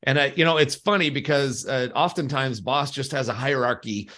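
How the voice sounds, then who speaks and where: A man of ordinary pitch talks through a workplace topic in a loose, conversational way. He restarts sentences and slips into quoted phrases to make his point. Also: normal speed, pushed and bright. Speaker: podcast co-host, workplace trainer. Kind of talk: casual conversational discussion.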